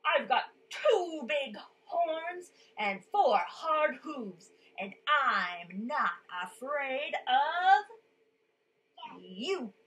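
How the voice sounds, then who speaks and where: A woman voicing the biggest billy goat in a children's storybook reading, a brave male goat who shouts back defiantly. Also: high voice, big pitch swings, drawn-out words, exaggerated voice. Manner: loud, defiant.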